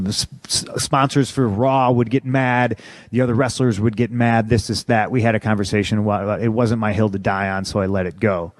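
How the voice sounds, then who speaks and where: A man's voice: fairly low pitch, no echo. A man in his thirties from the United States, a professional wrestler telling an interviewer his story in blunt, profane, griping casual talk. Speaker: interview guest, pro wrestler.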